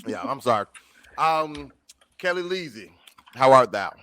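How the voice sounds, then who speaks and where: A man co-hosting a casual podcast chat, playful and quick to laugh, stretching out his teasing lines. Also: mid-range voice, animated, fairly bright tone, low-quality recording. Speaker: podcast co-host. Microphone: remote recording.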